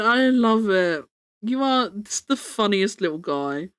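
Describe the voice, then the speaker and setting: A woman's voice: mid-range voice, expressive, slow, a bit bright, clear, resonant tone. A young woman streamer chatting casually, rambling, joking about herself and swearing freely.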